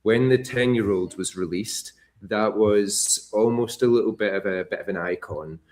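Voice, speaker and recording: A man's voice: lowish voice, moderate pace, a little mellow. A man with a Scottish accent, a whisky brand ambassador talking casually through a tasting, rambling with fillers and restarts. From Scotland.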